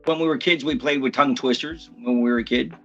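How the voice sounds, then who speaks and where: A man who works as a communication coach, talking energetically and emphatically in a podcast interview and often slipping into quick impressions. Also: mid-range voice, fairly even intonation, a bit bright, highs cut off, soft background music.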